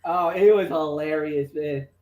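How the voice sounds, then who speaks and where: A man co-hosting a wrestling talk show, excitable and rambling, with lots of restarts. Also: on the high side, a little slow, roomy sound. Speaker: wrestling podcast co-host. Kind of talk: casual chat.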